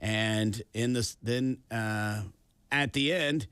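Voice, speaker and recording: A man's voice: lowish voice, slow pace, a bit bright, smooth, no echo. A man co-hosting a podcast in casual chat, telling a story with wry asides. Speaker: podcast co-host.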